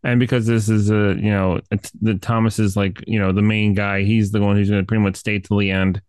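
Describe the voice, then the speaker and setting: A man's voice: on the low side, level tone, fairly quick, darkish tone, clean tone, no room sound. A man chatting casually about a horror film, rambling with lots of fillers and swearing. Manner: rambling, many fillers, profane. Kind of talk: casual movie review chat.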